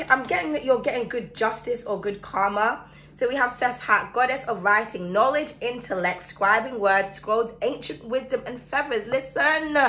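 A woman giving a chatty, excitable tarot reading to her viewers, her throat sore and coughing now and then. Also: fairly high pitch. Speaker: tarot reader. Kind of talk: casual astrology reading to camera.

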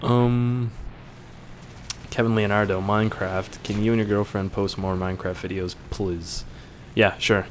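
Low-voiced young man reading viewer questions. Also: steady tone, a little slow, a little hiss or hum. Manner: joking, offhand, swears casually. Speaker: YouTuber answering viewer questions. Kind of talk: casual Q&A, reading questions aloud.

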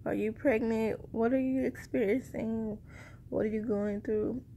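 A woman's voice: fairly high pitch, fairly even intonation, unhurried, mellow, a little hiss or hum. A woman chatting casually to her viewers in a rambling, conversational way, a little short of breath. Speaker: vlogger sharing a pregnancy update. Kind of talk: casual chat to camera.

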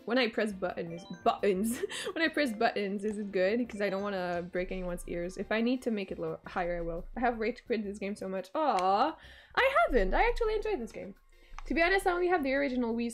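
A woman's voice: mid-range voice, expressive, fairly quick, soft background music. A young woman streaming a game, chatting playfully with viewers and often breaking into giggles. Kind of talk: casual game-stream chat.

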